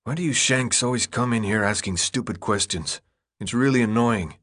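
A man's voice: mid-range voice, expressive, unhurried, a bit bright. A man voicing a cocky, sarcastic teenage boy runner who talks in mocking, bossy slang. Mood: scornful.

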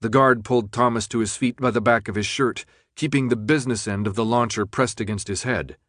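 A man narrating an audiobook in a steady, measured read. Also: medium pitch, no room sound, studio quality. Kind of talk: scripted narration.

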